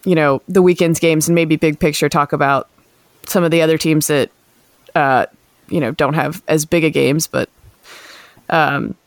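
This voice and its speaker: A woman's voice: low-pitched, fairly even intonation, moderate pace, pauses often, no room sound. A woman hosting a sports podcast, chatting casually with many fillers and laughs. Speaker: podcast host, sports reporter.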